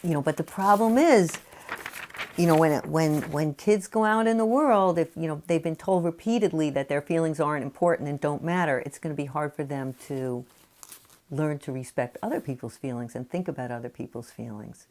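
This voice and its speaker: A woman with a low-pitched voice talks through parenting advice in an easy, conversational way. She leans on "you know" often and slips into quick acted-out snippets of what parents say to their children. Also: a little mellow. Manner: conversational, many "you know" fillers, acts out parent quotes. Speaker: parenting author. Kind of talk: explanatory talk to camera.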